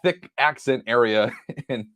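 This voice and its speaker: A man with a Boston accent co-hosting a podcast in relaxed, easygoing chat, with some halting starts. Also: mid-range voice, clear, resonant tone. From Boston area, US. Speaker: podcast co-host.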